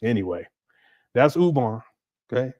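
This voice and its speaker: A man's voice: medium pitch, sing-song, moderate pace, a little mellow, no echo, lo-fi sound. A man hosting a casual livestream, laughing often and reading out viewer messages. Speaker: livestream host.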